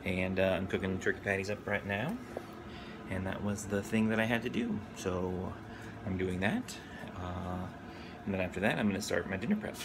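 A man's voice: low voice, moderate pace, noisy background. A man hosting a casual daily vlog, narrating his errands and cooking with chatty, self-mocking asides. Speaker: vlog host. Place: car, stores and home kitchen.

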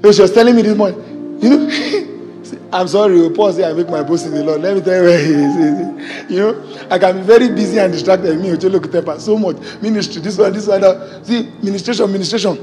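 A Nigerian man with a high voice preaches with exuberant, exclaiming energy and jokes with the congregation. His voice rings through a large hall with a long echo, and soft music sits beneath it. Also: fairly quick. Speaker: pastor. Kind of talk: preaching a sermon. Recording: hall reverb with faint music.

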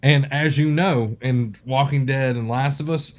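With a relaxed, everyday mid-pitch voice at a measured pace, this podcast co-host keeps things casual. He cracks jokes, needles his co-host and handles the sponsor read loosely.

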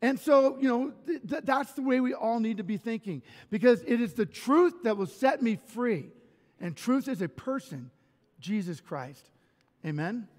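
A man's voice: extremely high pitch, lively intonation, moderate pace, a little mellow, long reverb tail. A man pastor delivering a sermon, telling personal stories animatedly with self-deprecating humor and frequent restarts. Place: church sanctuary.

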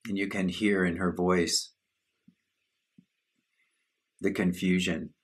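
Slow, deep-voiced husky man teaching. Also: little pitch movement. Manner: slow, measured, contemplative. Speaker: spiritual teacher. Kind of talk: satsang talk on self-inquiry.

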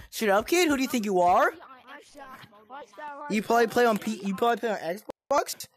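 A woman's voice: a little high, expressive, normal speed, pitched above the performer's own voice, natural voice. A woman playing a cocky, trash-talking young online gamer who keeps taunting other players. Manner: taunting, bragging, repetitive insults. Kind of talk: gameplay role-play impression.

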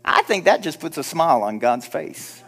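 A man preaching a sermon as pastor, animated, acting out timid prayers in a hushed voice. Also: a little high, normal speed, breathy edge. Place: church sanctuary.

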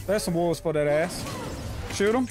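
A man streaming live gameplay, talking through fights with a lot of swearing and frustrated yelling. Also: sits high, moderate pace, very noisy. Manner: excitable, swearing, yells in frustration. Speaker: gaming streamer. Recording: game music behind the voice.

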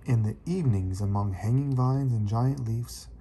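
A man's voice: medium pitch, normal speed, dark tone, slight background noise, natural voice. A man voicing a polite cat who studies plants and camps, in a read-aloud storybook.

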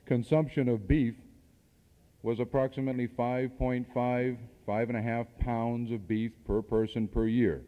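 A man's voice: medium pitch, steady tone, a little slow. Man giving a seminar talk on cassette. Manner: rhetorical questions and dry asides. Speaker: seminar speaker. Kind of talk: speech to an audience. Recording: dull archival cassette tape in a hall.

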